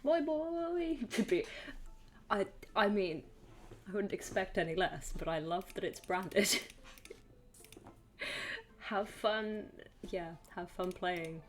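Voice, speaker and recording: A woman's voice: on the low side, steady tone, slow, pauses often, slight background noise. A woman gives casual commentary while playing a game on stream, muttering and chatting to herself. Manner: chatty, mutters to the game, playful sing-song asides.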